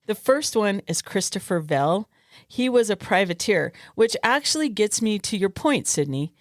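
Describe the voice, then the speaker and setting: A woman's voice: medium pitch, no room sound, studio quality. A woman co-hosting a podcast in casual chat with an Arizona accent, earnestly steering the talk back to her topic. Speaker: podcast co-host.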